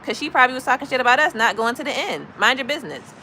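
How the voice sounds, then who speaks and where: Woman from chicago spilling tea on her livestream, bright punchy voice, blunt and animated. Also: high-pitched, very fast, a little hiss or hum, rough recording. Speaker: livestream host. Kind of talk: casual storytelling to live chat.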